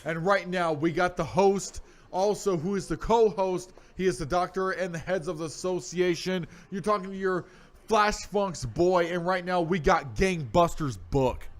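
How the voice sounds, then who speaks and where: Young male host, high-pitched voice, hammy showman intros for a comedy show. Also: normal speed. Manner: boastful announcer-style patter. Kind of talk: mock-showman comedy hosting.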